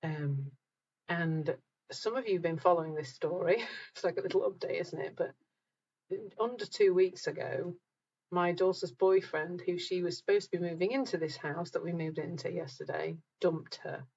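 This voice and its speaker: A middle-aged woman hosts a live group talk, chatting warmly with her viewers and reading their comments aloud. Her voice sits a little low and comes across breathy. The live-stream sound is dull and lo-fi. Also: moderate pace. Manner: chatty, reads out viewer comments, laughs at herself.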